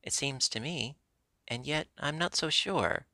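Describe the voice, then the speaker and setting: A man doing an eager high puppet boy. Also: unhurried, sharp tone, dry recording, exaggerated voice. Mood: unsure.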